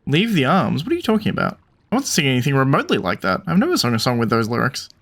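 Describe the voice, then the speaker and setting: A man's voice: mid-range voice, wildly swooping pitch, very fast, a bit bright, a little hiss or hum, pitched below the performer's own voice. A man putting on a vain woman singer. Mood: smug. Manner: self-satisfied, defensive.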